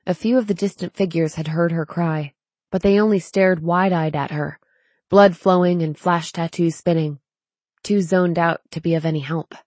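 A woman narrating a novel as an audiobook in a measured, steady way. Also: on the low side, no echo. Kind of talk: scripted narration.

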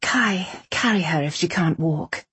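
A woman voicing a commanding, brisk female librarian who gives sharp, dismissive orders. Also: on the low side, husky, no room sound, exaggerated voice.

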